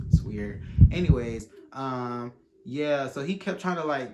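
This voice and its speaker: A young man telling a casual, animated storytime, acting out quotes and using slang. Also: medium pitch, measured pace, dull audio, heavy background noise.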